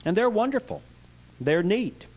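A man's voice: high-pitched, measured pace, slightly rough. A man preaching a humorous, storytelling sermon to a church congregation. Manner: storytelling, folksy, animated. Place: church service. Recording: dull lo-fi sound.

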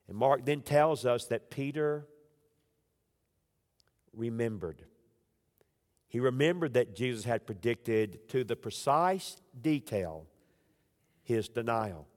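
A man preaching a sermon as pastor. He moves between loud, raised emphasis and hushed, low passages. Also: long reverb tail.

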